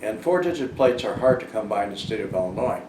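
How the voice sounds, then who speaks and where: Older guy rambling through a story, low voice, roomy noisy sound far off the mic. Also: expressive, fast, a little mellow. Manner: rambling, many fillers and restarts. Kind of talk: casual storytelling monologue.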